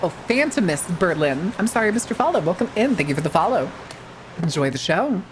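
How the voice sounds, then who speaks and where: A woman's voice: lowish voice, sing-song, a little fast, background noise. A woman VTuber streamer in casual, rambling live-stream chat, swearing freely and using plenty of filler words.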